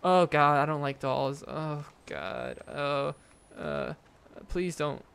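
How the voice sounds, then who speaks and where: Using a desk mic and face cam, a young man plays a horror game for his YouTube viewers, speaking slowly in a slightly high, creaky, smooth and somewhat bright voice. He comes across jittery and on edge, filling his talk with fillers and scared outbursts.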